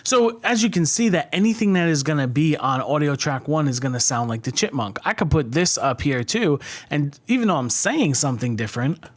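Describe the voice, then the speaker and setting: Relaxed man explaining editing steps. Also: a little high, brisk, hardly any pauses. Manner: relaxed step-by-step explaining, with fillers. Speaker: software tutorial host. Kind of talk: screen-recorded editing tutorial.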